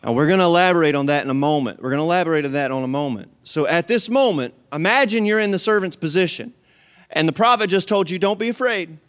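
A man preaching a sermon, retelling a Bible story in an animated, dramatic way with jokes and asides to the congregation. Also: fairly high pitch, quick pace, clean tone. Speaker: pastor.

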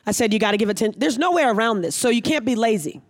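A pastor preaching a sermon, reading scripture aloud and pausing to explain it, driving points home with repeated phrases. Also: medium pitch, expressive.

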